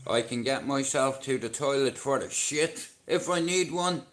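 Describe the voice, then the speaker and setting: A man's voice: mid-range voice, moderate pace. A man with a Dublin Irish accent chatting casually on his live stream, rambling and swearing through jokey banter. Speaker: livestreamer.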